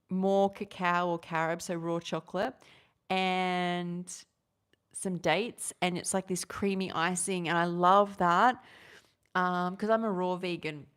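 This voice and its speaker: A woman's voice: fairly low pitch, a bit bright, clear, resonant tone. A woman, chatting casually and rambling through a live vegan recipe vlog. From Australia. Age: 30s. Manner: rambling, chatty, self-interrupting, quick laughs.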